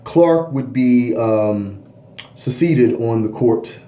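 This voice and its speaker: A man's voice: medium pitch, mellow. Rambling man lecturing in an echoey room. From Baltimore, USA. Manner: rambling, fills pauses with "uh" and "all right?". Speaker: history lecturer. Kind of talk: unscripted history lecture.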